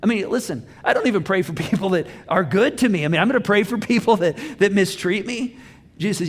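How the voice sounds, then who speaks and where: A man preaching a sermon as pastor, telling a personal story with lively acted-out dialogue. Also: high-pitched, quick pace, in a large hall. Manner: animated storytelling, acts out dialogue. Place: church auditorium.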